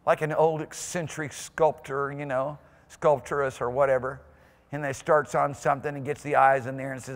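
A male pastor preaching a sermon in a church, swinging from quiet asides to whoops and shouts. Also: medium pitch, level tone, normal speed. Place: church sanctuary. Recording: long hall reverb in a church.

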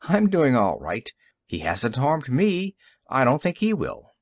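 A man voicing a pleasant, courteous male inventor in an audiobook story, speaking gently and politely. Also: mid-range voice, wildly swooping pitch, slow, no room sound, clean studio sound, heavily acted. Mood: amiable.

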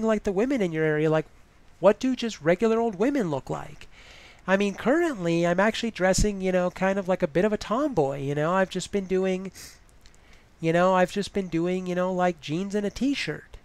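A woman's voice: medium pitch, moderate pace, darkish tone, no room sound. A woman giving advice in a casual vlog, chatty and full of "you know" fillers.

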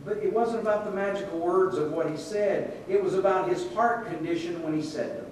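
A man preaching a sermon in a relaxed, conversational way, telling stories and acting out the voices in them. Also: normal speed, hardly any pauses. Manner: conversational storytelling with quoted voices. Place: church sanctuary. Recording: echoey church room, distant mic, faint rumble.

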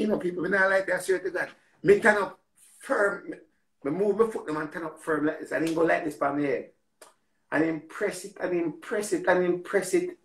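Man, Jamaican accent, casual storytelling, animated, repetitive, roomy echo. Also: a little high, vocal fry. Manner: animated, repetitive, swears freely.

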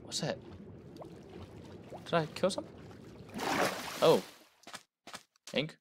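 A young man casually commenting on his own gameplay, jumpy and talking himself through his fear, going from quiet muttering to loud yells. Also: a little high, animated, takes it slowly, noisy background. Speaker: gamer playing a first session. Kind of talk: casual let's-play commentary.

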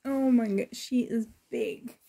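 A woman's voice: a little high, takes it slowly, vocal fry, dark tone, husky, dry recording. A woman opening a package on her vlog, gasping with delight, dropping into whispers, emotional and close to tears. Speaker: reborn doll collector, channel host. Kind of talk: excited unboxing vlog.

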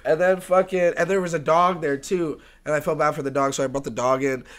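A man's voice: a little high, brisk. A man, a music producer, telling a rowdy story in a casual podcast chat, laughing and swearing as he goes. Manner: animated, profane, laughing storyteller.

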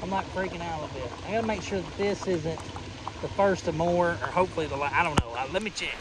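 A Tennessee fishing vlogger in his late thirties, with a Southern US accent and a fast, high-ish voice, chats and jokes to camera while fishing on a lake. His commentary rambles, with nervous laughs. Loud, heavy rain hits his action camera, burying him in background noise.

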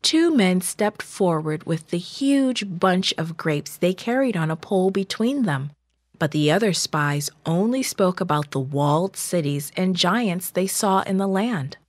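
A woman reading a Bible story for children in a slow, measured, gentle manner. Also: lowish voice, lively intonation, dry recording.

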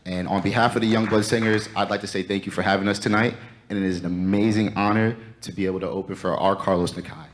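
A man's voice: on the low side, steady tone, quick pace, slight background noise. A man from the Shinnecock Nation greeting a live audience on behalf of his singing group, formal and grateful. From Shinnecock Nation, Long Island, New York. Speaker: lead singer of a drum group. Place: TV studio before a live audience.

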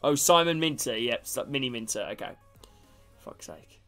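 A man's voice: medium pitch, quick pace, pushed and bright, soft background music. A man casually commentating a game stream, chatting with viewers and calling them by name. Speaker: gaming streamer.

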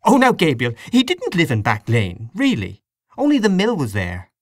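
A man's voice: a little high, wildly swooping pitch, moderate pace, no room sound, clean studio sound, pitched above the performer's own voice. Man voicing a fussy elderly aunt. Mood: chiding. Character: fussy elderly aunt, woman, kindly and sharp.

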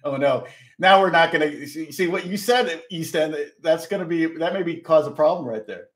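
A man's voice: fairly high pitch, normal speed. A man teaching guitar on a live stream, answering viewers' questions in a rambling way that keeps correcting itself. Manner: rambling and self-correcting, chatty. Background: guitar playing.

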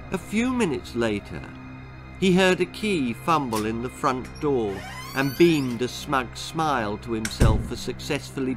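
A man reading his own darkly comic children's story aloud, theatrical and relishing the grim humour. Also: medium pitch.

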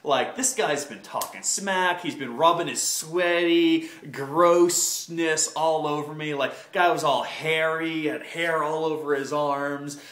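Man, host, casual storytelling, rambling with fillers, fairly high voice, echoey room. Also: fairly even intonation, slow pace, hardly any pauses, fairly bright tone. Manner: rambling, heavy on filler words.

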